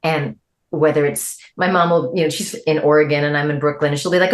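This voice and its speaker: A middle-aged woman, a guest musician, chats casually in an interview. She's animated and laughs easily, and her voice jumps high whenever she quotes people.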